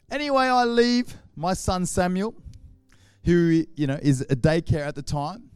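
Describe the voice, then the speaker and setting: A man's voice: mid-range voice, a little mellow, no echo. An Australian man, a pastor, tells humorous stories in a sermon, acting out scenes with sound effects.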